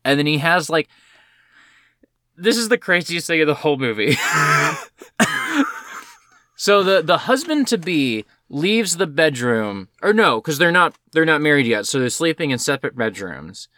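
A man co-hosting a podcast, chatting about an old film in a rambling, excited way, full of fillers. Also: on the high side, a little slow, no echo. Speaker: podcast co-host. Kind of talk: casual film discussion.

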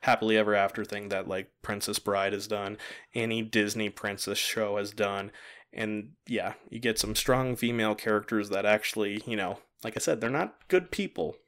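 A man's voice: lowish voice, moderate pace, a bit bright, clear, resonant tone. A man chatting casually as a podcast host, recapping a show and laughing often as he goes. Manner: chatty, laughs often, acts out quoted lines. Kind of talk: casual chat.

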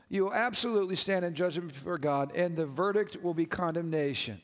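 A man's voice: high-pitched, a little fast, hardly any pauses, in a large hall. A male pastor preaching a passionate, exclamatory sermon to his congregation in a church sanctuary.

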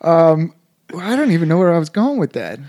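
A man's voice: a little high, very animated, moderate pace, mellow, dry recording, clean studio sound. A man, a Catholic priest, telling stories in an earnest, reflective casual conversation.

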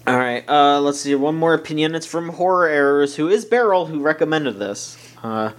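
A man's voice: fairly high pitch, animated, normal speed, few pauses. A man hosting a podcast, chatting casually with lots of fillers and restarts as he reads out listener questions. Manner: rambling, many fillers and restarts, swears casually. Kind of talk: casual chat.

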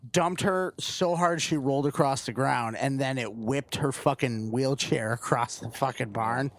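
A man's voice: medium pitch, measured pace, a little hiss or hum. A man in casual, profane movie chat, animatedly retelling horror scenes and cursing constantly.

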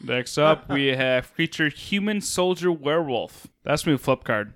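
Male co-host reading a list in a deadpan way, smooth clear voice, somewhat high. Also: unhurried, no room sound. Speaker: podcast co-host. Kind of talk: casual chat, reading card previews.

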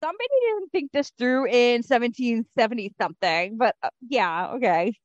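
Lively woman podcast host, pitch all over, dry close mic. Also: normal speed, no echo, dull audio. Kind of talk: casual podcast chat.

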